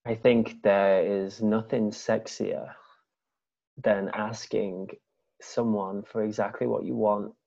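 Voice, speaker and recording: A man speaking as a guest in a casual conversation, talking slowly and deliberately in a soft, measured way. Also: lowish voice, level tone, gravelly. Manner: slow, deliberate, soft-spoken. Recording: dull lo-fi sound.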